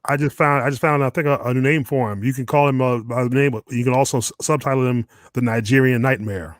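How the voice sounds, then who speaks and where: A man talks fast and bluntly, hosting a casual podcast chat. He stumbles over repeated words and swears freely. His voice sits close and dry, with no room sound around it. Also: medium pitch, steady tone, dry recording. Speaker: podcast host.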